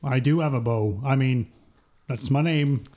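A man's voice: mid-range voice, a little slow, mellow, slight background noise, natural voice. A man playing a cheery, hapless male coal seller who rambles chirpily.

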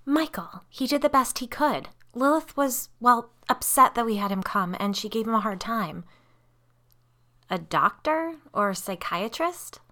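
A woman's voice: fairly high pitch, animated, a little slow, sharp tone, voice pushed up. A woman playing an indignant, worn-down mother. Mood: weary. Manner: rising, heated and emphatic.

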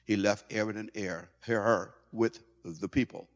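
A male pastor preaching a sermon in an animated way, stumbling over and repeating words as he goes. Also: on the low side, a little slow. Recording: long hall reverb.

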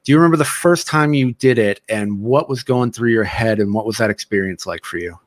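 A man's voice: fairly low pitch, fairly quick, dry recording. A man hosting a podcast, asking questions hesitantly with many fillers. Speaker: podcast host. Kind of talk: casual interview questions.

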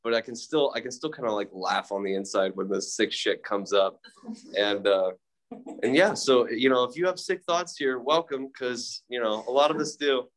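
A man's voice: mid-range voice, normal speed. A young man, telling his own story at a recovery meeting in a candid, profane, self-mocking way, with many fillers. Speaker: speaker sharing at a recovery meeting. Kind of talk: casual personal storytelling.

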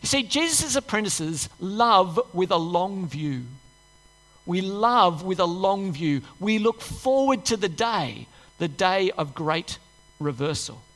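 Speaking at a fairly low pitch with lively intonation and a slow pace, a woman preacher reads from scripture in church. She keeps her sermon conversational, asking the congregation rhetorical questions, and the recording echoes with long church-hall reverb.

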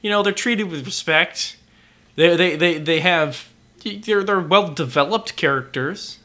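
A man's voice: a little high, unhurried, sharp tone. A man co-hosting a podcast in casual chat, stumbling over his words with many restarts and fillers. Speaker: podcast co-host.

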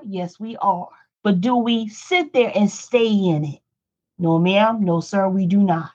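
A woman's voice: fairly high pitch, lo-fi sound. A woman teaching a Bible study in a pleading preaching style, repeating lines for emphasis. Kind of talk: preaching sermon.

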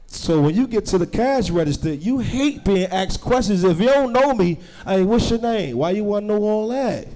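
A young man performs a stand-up set, his voice sitting a little high and swinging widely as he tells his stories. He talks loudly and acts out the people he describes. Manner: loud animated storytelling, acting out characters. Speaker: stand-up comedian.

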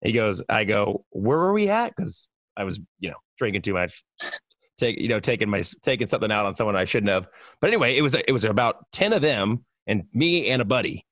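A man's voice: lowish voice, expressive, fairly quick, fairly bright tone, no room sound. Rambling man telling a story, dry sound. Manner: rambling, many fillers, swears. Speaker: radio personality. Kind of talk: casual storytelling chat.

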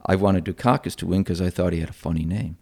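Deep gravelly guy in his 40s, from upstate new york, rambly and joking. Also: fairly even intonation, quick pace, darkish tone. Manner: chatty, self-deprecating, frequent restarts. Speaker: guest, opposition researcher. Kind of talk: conversational interview.

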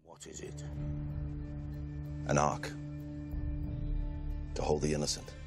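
A grave, prophetic patriarch. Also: male voice, extremely low pitch, monotone, takes it slowly, gravelly, full character voice. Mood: solemn. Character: grave solemn man foretelling the flood. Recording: film clip with music underneath. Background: film score.

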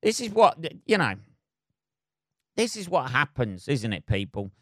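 A man's voice: mid-range voice, very animated, a little slow, a bit bright, dry recording, clean studio sound. A man hosting a solo comedy podcast, rambling loosely and swearing constantly as he chats.

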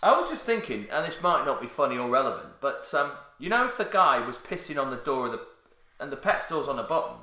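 A man in casual chat, telling an anecdote to a friend and tossing in quick questions. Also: medium pitch, sing-song, pushed and bright, reverberant. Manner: chatty, asks quick questions, uses 'mate'.

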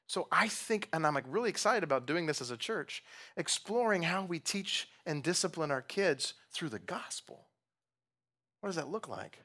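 Young man, pastor, conversational sermon, self-deprecating, asks the congregation questions, slightly high voice. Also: expressive, normal speed, bright, forceful tone. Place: church.

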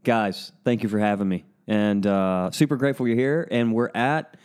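A man's voice: lowish voice, normal speed, darkish tone, clear, resonant tone. A man, a pastor guest on a podcast, speaking earnestly and gratefully with many fillers, at his kitchen table. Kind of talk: casual interview chat.

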